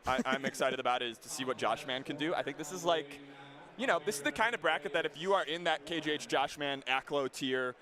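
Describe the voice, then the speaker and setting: A man's voice: fairly high pitch, expressive, crowd noise. A man doing casual commentary on a live stream, teasing his co-host and breaking down the players. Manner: teasing, quick banter, analytical about players. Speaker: esports commentator.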